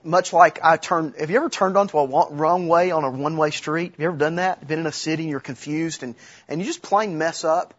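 A man's voice: fairly high pitch, fairly quick, dull audio. A middle-aged man preaching a sermon in a conversational way, with restarts, asides and humor. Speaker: pastor.

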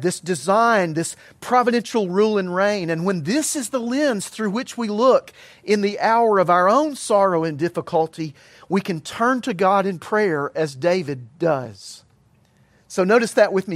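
A middle-aged male pastor delivers a sermon in an earnest, emphatic way, slowing for measured pauses. His voice sits high for a man. The sound is dry and close, with little room around it. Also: dry recording.

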